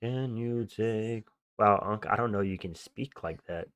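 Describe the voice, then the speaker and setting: A man's voice: fairly low pitch, measured pace, a bit bright, clear, resonant tone, dry recording, studio quality. A young man hosting a livestream, chatting casually and answering viewer comments in slangy, offhand talk. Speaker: livestream host.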